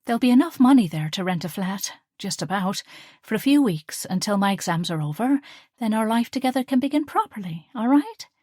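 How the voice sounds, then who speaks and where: A woman's voice: mid-range voice, lively intonation, a little fast, darkish tone, no room sound, clean studio sound, voice pushed up, close to an everyday voice. Woman voicing an eager young woman student.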